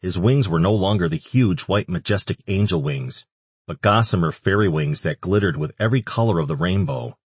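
A man narrating an audiobook in a measured, even reading. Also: sits low, breathy edge, dry recording. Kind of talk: scripted narration.

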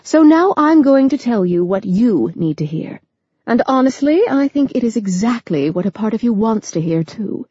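A woman voicing a soft, gentle grandmother. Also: on the high side, very animated, normal speed, husky, dry recording, dull audio. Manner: soothing, patient, reassuring. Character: gentle loving elderly grandmother.

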